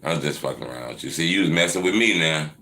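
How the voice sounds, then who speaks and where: A man in his thirties hosting a casual live Q&A, answering viewer questions with profane, teasing banter that swings into loud mocking rants. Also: extremely low pitch, expressive, racing, reverberant, a little hiss or hum. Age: 30s.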